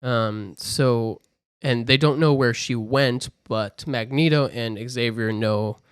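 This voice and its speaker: A man casually recapping a movie plot, animated and slipping into quick character voices. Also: mid-range voice, clean tone, no echo, clean studio sound. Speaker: podcast co-host.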